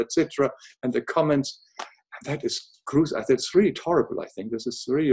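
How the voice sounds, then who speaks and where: An older man speaks with a noticeable foreign accent. He talks in a soft, earnest and reflective way. He often pauses and restarts his sentences as he thinks aloud in casual conversation. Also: mid-range voice, gravelly, breathy edge. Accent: noticeable non-native English accent. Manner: halting, many restarts, soft-spoken and earnest. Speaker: podcast guest.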